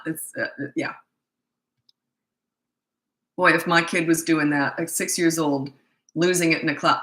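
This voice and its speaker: A woman's voice: sits low, bright, forceful tone, echoey room, rough recording. A middle-aged woman coaching parents in a casual Q&A, blunt, emphatic and repetitive. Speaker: parenting coach answering viewer questions. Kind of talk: casual live Q&A.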